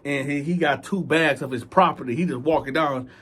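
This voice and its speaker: A man's voice: fairly high pitch, brisk, a bit bright, breathy edge. A man telling a profane, emphatic prison story and acting out the people in it. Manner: profane, emphatic, acts out every character. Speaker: storyteller, channel host.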